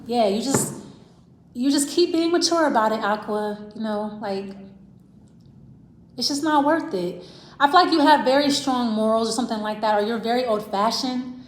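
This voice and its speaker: A woman's voice: fairly high pitch, moderate pace, slight background noise. Woman tarot reader, casual and rambling, addressing the viewer directly; roomy, reverberant sound. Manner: rambling, repeats "I feel like", talks straight to the viewer. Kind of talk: casual tarot reading to camera. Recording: roomy echo.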